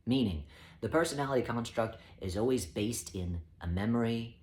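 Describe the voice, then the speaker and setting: Man, calm measured spiritual teacher, even mid-range voice. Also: medium pitch. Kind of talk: spoken teaching talk.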